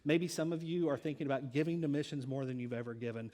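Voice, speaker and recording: A man preaching a sermon in a church, telling a personal story in a lively way with pauses. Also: medium pitch, big-room sound. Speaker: pastor.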